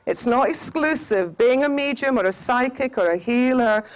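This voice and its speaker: Woman teaching, animated and emphatic. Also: a little high, poor audio. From Scottish Highlands. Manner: animated, quizzes the audience, drawn-out emphatic phrases. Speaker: shamanic teacher. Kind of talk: spiritual talk to a festival audience.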